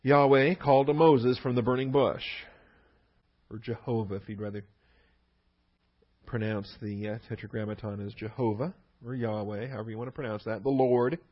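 A man's voice: medium pitch, steady tone, moderate pace, dull audio. A man teaching through a Bible passage verse by verse, leaning hard on key words between fillers and restarts.

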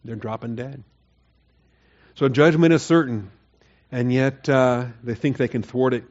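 A man's voice: mid-range voice, steady tone, measured pace, a little mellow, dull audio. A man preaching a Bible sermon in a conversational way, rising to emphatic, mocking quotes of the people. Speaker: pastor. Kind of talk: expository sermon.

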